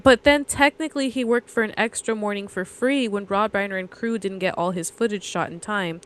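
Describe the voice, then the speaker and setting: Woman, podcast co-host, casual film chat, rambling storyteller, medium pitch. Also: a little fast, fairly bright tone, smooth. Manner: rambling storyteller, reads trivia aloud.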